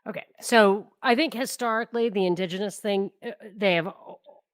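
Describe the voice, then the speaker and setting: A woman co-hosting a political podcast, talking casually with wry, sardonic remarks and halting restarts. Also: mid-range voice, no room sound. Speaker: podcast co-host.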